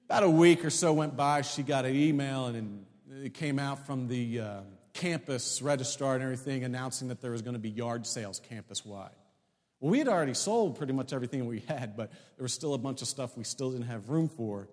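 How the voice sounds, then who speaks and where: A man preaching a sermon as a story, acting out conversations and building to loud shouts. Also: fairly high pitch, fairly quick. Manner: animated, acts out dialogue, builds to shouts. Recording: long hall reverb.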